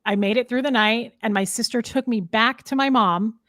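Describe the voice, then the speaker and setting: A woman's voice: fairly high pitch, moderate pace, a bit bright, dry recording, studio quality. A woman in her thirties telling a personal story in a casual interview, frank and rambling, with many fillers and restarts. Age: 30s. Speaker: podcast guest. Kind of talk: candid storytelling in casual chat.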